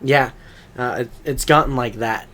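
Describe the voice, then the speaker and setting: A man's voice: medium pitch, normal speed, pushed and bright. A young man co-hosting a podcast, bantering crudely, swearing freely and laughing often between filler words. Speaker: podcast co-host.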